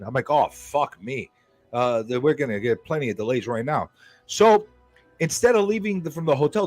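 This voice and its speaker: A man's voice: a little high, dry recording. A man hosting a live stream, telling an exasperated, profane story in casual chat.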